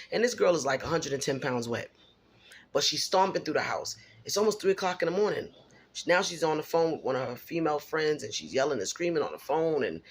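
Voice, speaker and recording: A woman's voice: sits low, slightly rough. A middle-aged single mother venting in a personal vlog, blunt and emphatic, repeating herself for stress.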